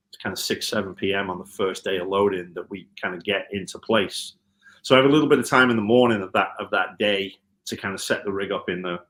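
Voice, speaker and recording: A man from Liverpool with a Scouse accent softened by American, a guitar tech chatting in an interview and telling stories with many ums and restarts. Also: deep voice. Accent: Liverpool (Scouse), with some American mixed in. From Liverpool, England. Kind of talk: casual interview chat.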